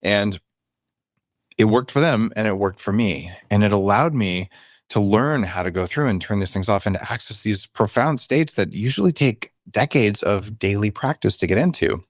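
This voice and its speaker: Man, fifties, low pitch, dry studio sound, lively storyteller, acts out quotes. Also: normal speed, no room sound. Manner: animated, acts out quotes and shifts pitch for emphasis. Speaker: podcast guest, biohacking author. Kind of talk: candid interview storytelling.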